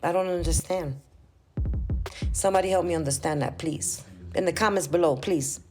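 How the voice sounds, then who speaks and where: A woman's voice: fairly low pitch, moderate pace, over music. A woman in her forties giving a heated, profane opinion rant as a vlogger, dropping in Spanish words. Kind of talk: ranting opinion monologue.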